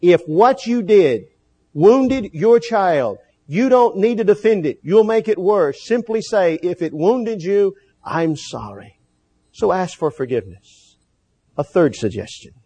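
A man preaching a sermon, earnest, slowing down to stress key phrases. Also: high-pitched, very animated, mellow, slightly rough.

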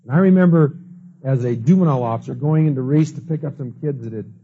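A man's voice: mid-range voice, fast, slightly rough. A man teaching a class, telling stories and acting out the people he quotes. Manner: storytelling, acts out quoted people. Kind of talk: lecture with anecdotes. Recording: dull lo-fi recording.

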